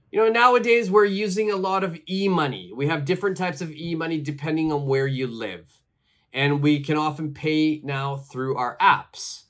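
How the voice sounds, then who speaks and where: A man teaching an English lesson, who says phrases slowly and clearly and repeats them for practice. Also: fairly high pitch, fairly bright tone.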